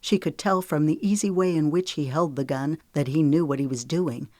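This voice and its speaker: A woman narrating an audiobook in a calm, measured reading voice. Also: low-pitched, no room sound, clean studio sound.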